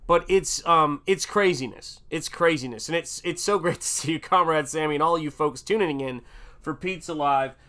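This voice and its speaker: A middle-aged man with a Southern American accent hosts a casual livestream chat, rambling along with plenty of fillers. His voice sits on the high side and has a bright, forceful tone, and he talks at a moderate pace.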